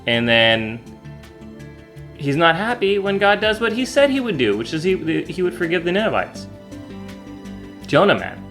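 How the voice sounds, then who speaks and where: A man teaching children, telling a Bible story in a playful, animated way with silly asides. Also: sits high, normal speed, pauses often, soft background music.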